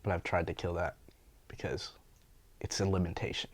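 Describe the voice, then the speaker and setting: In a casual interview, this young Bay Area painter and graffiti artist spins stories packed with slang, swearing and laughter, staying animated throughout. His deep, slightly rough voice moves at a moderate pace with no echo.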